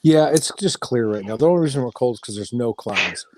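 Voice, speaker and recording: A man's voice: medium pitch, animated, a little fast, no echo. Easygoing joking man on a chat. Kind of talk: casual chat.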